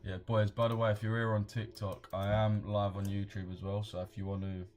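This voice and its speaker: A man's voice: lowish voice, level tone, brisk, a little mellow, faint music behind. A young British man hosting a live trading stream, chatting casually in slang and reading out viewer comments. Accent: British English. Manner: laid-back, slangy, reads out viewer comments. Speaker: trading livestream host. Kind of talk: casual livestream chat.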